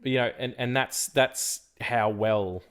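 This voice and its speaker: A man in his forties with an ordinary mid-pitched voice, chatting casually on a film podcast. He rambles eagerly and restarts his sentences as he goes. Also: unhurried, fairly bright tone, clear, resonant tone. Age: 40s. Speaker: podcast co-host.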